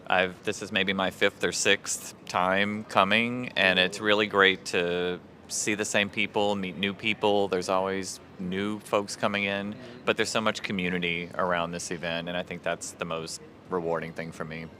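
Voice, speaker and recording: A man with a very low, level voice speaks earnestly as a conference guest. His tone has a bright, forceful edge, and faint room sound carries behind him. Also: flat delivery, normal speed, few pauses, slight background noise. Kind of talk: casual interview chat.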